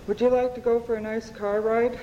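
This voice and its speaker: Woman reading as a gentle social worker. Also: fairly high pitch, flat delivery, brisk, big-room sound, lo-fi sound, slight background noise, lightly acted. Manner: soft, soothing. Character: gentle female social worker, kindly and calm.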